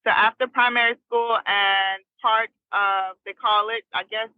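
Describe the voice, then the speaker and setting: Woman guest, recording artist, chatty and quick to laugh; phone-line sound, dry. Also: mid-range voice, steady tone, dry recording. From New Jersey. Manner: chatty, laughs often between stories. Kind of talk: casual storytelling interview.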